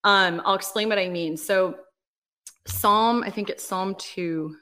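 A woman, a ministry leader, talking casually as a podcast guest, telling a personal faith story in an animated way with lots of "like" and "right?". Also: mid-range voice, takes it slowly. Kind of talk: casual interview, personal testimony.

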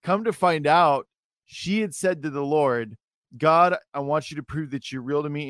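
A man's voice: a little high, moderate pace, fairly bright tone, dry recording, studio quality. A man hosting a faith interview show, telling a story in a chatty, casual way and affirming his guest often. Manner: chatty storyteller, frequent fillers and restarts, affirming listener. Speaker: host.

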